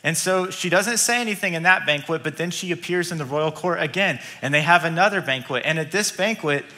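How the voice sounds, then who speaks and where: A male pastor preaching a sermon in a church, telling a story in a lively way with chuckling asides. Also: fairly high pitch, fairly quick. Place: church auditorium.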